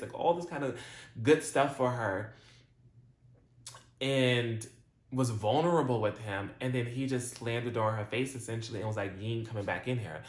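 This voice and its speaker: Chatty man recapping a show, roomy sound. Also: medium pitch. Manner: chatty retelling, heavy use of "like" and slang. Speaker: TV episode recap vlogger. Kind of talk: casual episode recap. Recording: roomy echo.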